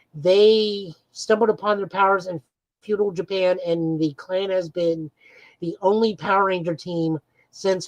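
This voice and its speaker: A woman's voice: on the low side, no echo, rough recording. A woman co-hosting a podcast, eagerly recapping comic book plots in a casual chat with frequent "uh"s. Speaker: podcast co-host.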